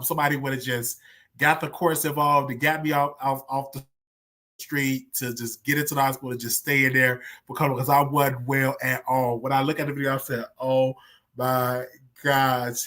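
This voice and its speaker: A man's voice: fairly high pitch, a bit bright. A man hosting a livestream, talking candidly and animatedly about his own past, often repeating himself for emphasis. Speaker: show host. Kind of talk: casual livestream commentary.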